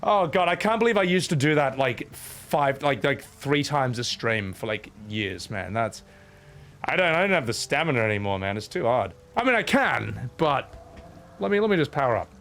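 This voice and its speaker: A man in his thirties, out of breath, chatting casually on his stream and shouting out thanks to his viewers. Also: medium pitch, very animated, moderate pace. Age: 30s. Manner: breathless, thanking chat with loud shout-outs.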